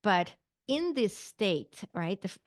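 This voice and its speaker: A woman's voice: medium pitch, very animated, slow pace, no room sound, studio quality. A middle-aged woman from Sweden, a guest on an interview show, vividly retelling a personal story with quoted dialogue and small laughs. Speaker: guest, naturopathic physician and psychic medium.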